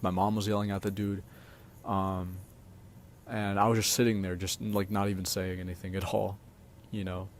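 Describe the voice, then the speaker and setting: A man's voice: deep voice, level tone, moderate pace, slight background noise. A young man who streams, telling personal stories in a rambling, casual monologue with lots of fillers and swearing.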